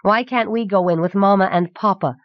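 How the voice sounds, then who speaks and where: A woman voicing a petulant, excitable little prince boy who whines and pouts, heard on a dull, dry old cassette recording. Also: on the low side, normal speed, no room sound. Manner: whiny and pouting, then breathless with awe.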